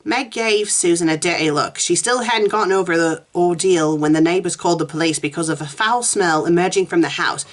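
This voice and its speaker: A woman's voice: on the low side, brisk, hardly any pauses. A woman reviewing fanfiction, reading a story aloud with dry, sarcastic asides and putting on a haughty posh voice for the wife.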